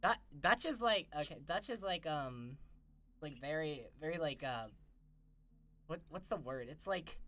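A man's voice: on the high side, lively intonation, unhurried, fairly bright tone. A man streaming live from home into a desk mic, chatting loosely with his viewers, swearing often and scattered in his thoughts. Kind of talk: casual live-stream chat. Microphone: desk microphone.

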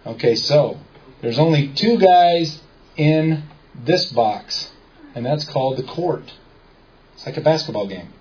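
In an unhurried, expressive delivery with frequent pauses, a man with a fairly high, slightly mellow voice gives an informal talk to a small audience. As a seminar speaker he narrates stories, quotes people's dialogue, and asks listeners questions, captured in dull lo-fi audio with faint background noise.

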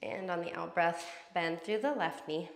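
A woman yoga instructor calmly cueing breath and poses through a guided class. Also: fairly low pitch, moderate pace, gravelly, echoey room.

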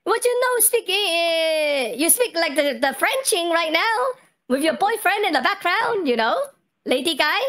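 Woman doing a tiger mom, Cantonese accent, very high voice, lively swoops, bossy, broken English. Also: measured pace, heavily acted. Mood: indignant. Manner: bossy, indignant, mangled English. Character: pushy, scolding middle-aged Chinese mother.

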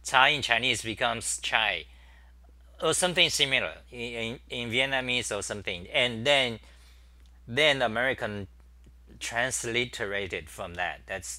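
A man's voice: mid-range voice, pushed and bright, dry recording. A middle-aged man hosting a casual live-stream chat, rambling and thinking aloud with many fillers while he types at his desk. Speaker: talk show host.

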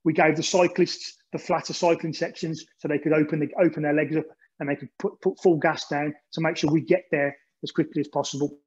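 A man's voice: on the high side, flat delivery, brisk, a little mellow. A man from England giving an informal talk about an endurance relay, rambling with many restarts and ums. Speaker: speaker recounting an endurance relay. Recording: dull lo-fi recording.

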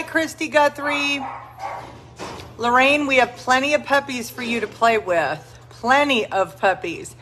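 A woman's voice: fairly high pitch, bright, forceful tone. A woman leads a dog rescue and chats casually on a livestream, cooing doting baby talk at puppies between greetings to viewers. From South Texas. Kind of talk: casual live-stream chat.

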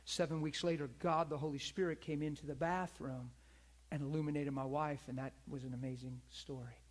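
A man's voice: on the high side, steady tone, brisk. A middle-aged man preaching a sermon in a conversational, storytelling way, calling out to his congregation.

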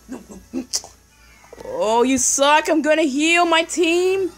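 Young woman, high voice that jumps all over, excitable casual game commentary, faint music underneath. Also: slow pace, rough recording. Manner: excitable, yelling at the game, repeating no. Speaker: gameplay commentator.

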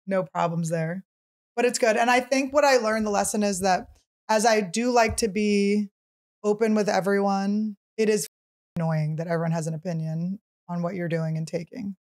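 A woman in her thirties hosting a podcast, telling a comic story in a casual, animated way and acting out what other people said. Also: medium pitch, moderate pace. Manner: animated, acts out others' quotes, shrieks while teasing. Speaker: podcast host.

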